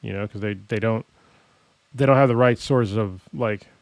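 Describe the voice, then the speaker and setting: A man's voice: on the low side, moderate pace, creaky, no echo. A man co-hosting a podcast, laid-back and slangy in casual chat. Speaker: podcast co-host.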